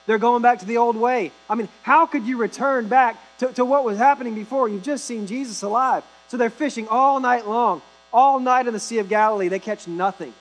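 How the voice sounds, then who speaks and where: A man, a pastor, preaching a sermon in a conversational way with wry asides, sometimes dropping to a hushed voice. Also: very high voice, brisk, few pauses, poor audio.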